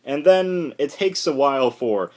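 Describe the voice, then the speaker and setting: A young man giving a casual, rambling spoken review of a comic, retelling the plot excitedly with lots of fillers. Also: medium pitch, a little slow.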